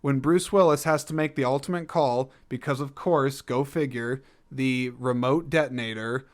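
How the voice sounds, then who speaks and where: A man's voice: mid-range voice, normal speed. A young man talking casually on his own about a film, rambling and joking, often correcting himself. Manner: rambling, jokey, self-correcting. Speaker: podcast host reviewing films. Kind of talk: casual solo film review podcast.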